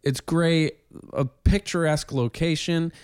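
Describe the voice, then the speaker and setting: A man's voice: on the high side, steady tone, measured pace, a little mellow, clear, resonant tone, dry recording, clean studio sound. A man in his late thirties co-hosting a podcast, chatting casually in a rambling, self-deprecating way. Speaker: podcast co-host. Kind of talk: casual chat.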